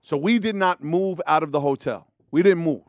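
Profane, animated male storyteller. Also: a little high, moderate pace, no room sound. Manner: profane, animated, acts out voices. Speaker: guest telling a story. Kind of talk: casual storytelling chat.

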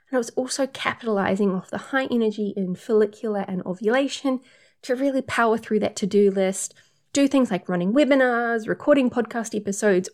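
A woman's voice: a little high, darkish tone. Upbeat woman coach giving step-by-step tips. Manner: upbeat, walks through numbered steps. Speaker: period coach. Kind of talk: casual advice monologue.

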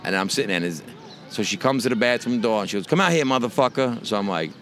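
A man's voice: fairly low pitch, rapid-fire, a bit bright. Rambling, profane New York man. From the Bronx, New York. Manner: rambling and profane, many restarts. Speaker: guest. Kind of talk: casual storytelling. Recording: noisy background.

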